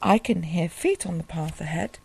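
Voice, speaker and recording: A woman voicing a big, shaggy, easily fooled male monster in a storybook reading, slow and amazed. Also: on the low side, gravelly, a little mellow, slightly rough, dry recording.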